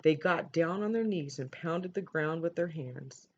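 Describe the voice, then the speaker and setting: A woman teacher with a low voice reads a picture book aloud, measured and gentle. The recording is dull and lo-fi with faint hiss underneath. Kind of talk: storybook read-aloud.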